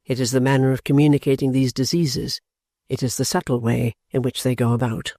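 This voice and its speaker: A man narrating an audiobook in a steady, even reading voice, recorded close on a studio mic. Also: medium pitch, a little fast, dry recording. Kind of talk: scripted narration.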